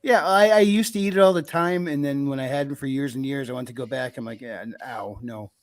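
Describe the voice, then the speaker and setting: A man with a fairly high speaking voice tells casual stories and laughs at himself. The sound is dry and close, with no room around it. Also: fairly even intonation, quick pace, no room sound. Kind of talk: casual chat.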